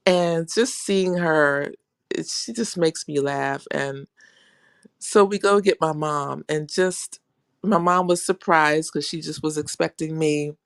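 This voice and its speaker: A woman in her fifties with a somewhat low voice, recorded close and dry with no room around it. She chats casually over a video call and tells a funny family story, laughing often between her words. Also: takes it slowly, vocal fry, smooth, dry recording. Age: 50s.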